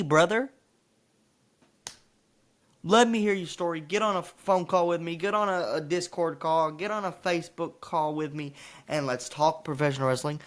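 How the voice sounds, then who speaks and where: A man's voice: on the high side, a bit bright. Angry boastful man ranting to camera. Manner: frustrated, boastful, profane rant. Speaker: wrestling commentator and vlogger.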